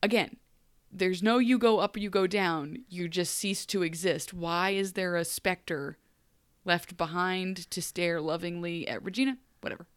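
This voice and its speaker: An animated woman co-hosts a podcast, loosely recapping a TV episode, laughing easily and slipping into high little character voices. She speaks a little slowly, and her clean voice sounds dry and close, with no room sound around it.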